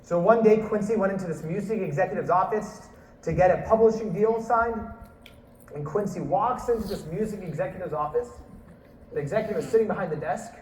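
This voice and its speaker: High-voiced man telling a story on a hall stage, animated, acts out lines, distant mic. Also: brisk, a little hiss or hum. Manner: animated, acts out quotes and laughs. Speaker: speaker. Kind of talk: storytelling talk.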